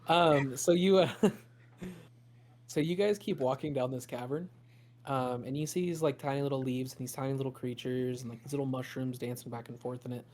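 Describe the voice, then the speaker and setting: A man's voice: medium pitch, steady tone, moderate pace, darkish tone. Laid-back man running a tabletop game. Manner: casual, rambling, many fillers and swearing. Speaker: game master.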